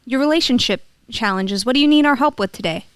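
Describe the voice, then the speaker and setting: Woman host, high and crystal clear, mock-earnest show patter. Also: animated, fast talker, no room sound, clean studio sound. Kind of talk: improvised comedy radio host.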